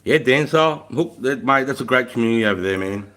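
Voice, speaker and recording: An Australian man talks casually to his live-stream viewers from a room at home. His voice sits at an ordinary middle pitch, and his delivery is rambling and laid-back. He swears freely and laughs often as he chats. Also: animated, brisk, a bit bright. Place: room at home with a fire going.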